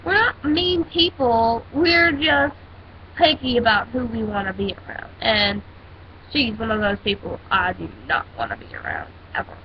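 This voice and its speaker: A woman's voice: fairly high pitch, animated, moderate pace. A teenage girl ranting in a casual vlog, telling a story in a sassy, dramatic way. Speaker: vlogger. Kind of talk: casual rant. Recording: dull lo-fi with faint hiss.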